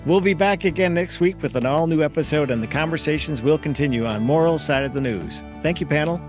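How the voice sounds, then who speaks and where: A man hosting a local panel talk show, brisk and upbeat as he keeps the discussion on time. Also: fairly high pitch, over music. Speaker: host.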